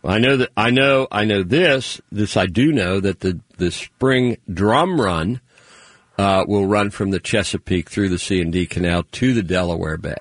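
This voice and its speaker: Husky, easygoing radio host man. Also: lowish voice, normal speed, dry recording. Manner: friendly, easygoing, thinks aloud with restarts. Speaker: radio call-in show host. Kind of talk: casual call-in radio chat.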